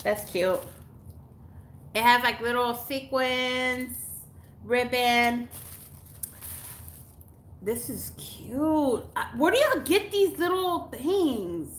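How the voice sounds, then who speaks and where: A woman's voice: a little high, animated, drawn-out words, long pauses, slight background noise. A woman from Texas, gushing casually as she unboxes mail on a live stream. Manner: gushing, exclamatory, chatty, with gasps and laughs. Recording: echoey room.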